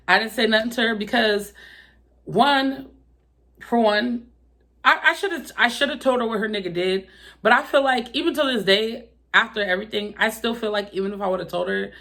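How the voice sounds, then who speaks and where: A young woman vlogger telling a personal story in a casual, profane, animated way, acting out her own outbursts. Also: mid-range voice. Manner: profane, animated retelling with exaggerated quoted outbursts.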